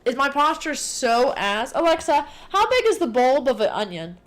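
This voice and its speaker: A woman streamer chatting casually to her viewers, rambling, excitable and full of swearing. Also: high voice, moderate pace, soft background music. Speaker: livestreamer. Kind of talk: casual livestream chat.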